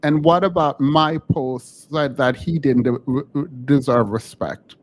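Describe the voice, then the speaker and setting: A man hosting a casual live call-in stream, animated and laughing, often breaking off mid-sentence. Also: medium pitch, a little slow. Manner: animated, laughing, self-interrupting.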